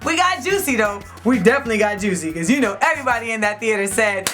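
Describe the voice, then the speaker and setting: A woman's voice: medium pitch, lively intonation, fast, hardly any pauses, over music. A woman hosting a vlog, giving casual, sassy, candid commentary in slangy speech. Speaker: host.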